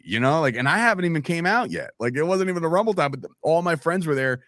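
A man telling stories as a podcast guest in a casual, animated way, acting out quoted lines and calling the listener "bro" and "man". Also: fairly high pitch, quick pace, hardly any pauses, no room sound, clean studio sound. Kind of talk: casual storytelling chat.

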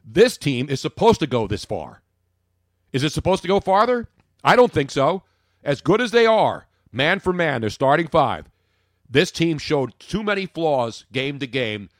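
A man's voice: medium pitch, very animated, normal speed, no room sound, clean studio sound. A man hosting a sports talk show, emphatic and jokey, full of rhetorical questions.

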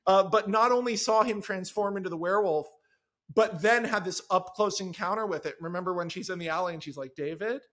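A man on a podcast as a guest screenwriter, chatting casually in an excited, rambling way. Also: high-pitched, fairly quick. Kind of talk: casual chat.

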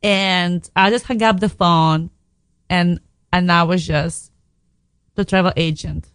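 A woman's voice: fairly low pitch, steady tone, slow, long pauses, smooth, no room sound. A woman from Belarus, a radio guest telling a candid personal story in a frank, emotional way, swearing casually and restarting her sentences.

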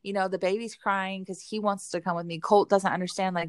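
A woman's voice: mid-range voice, fairly even intonation, brisk, dry recording, studio quality. A woman in her thirties, a mother and co-host, talking candidly in a rambling way with many fillers. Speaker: podcast co-host. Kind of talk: casual chat.

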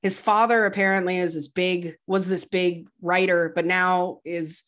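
A woman's voice: on the low side, unhurried. Chatty woman recapping a film. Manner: animated, chatty retelling with laughs. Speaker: podcast co-host.

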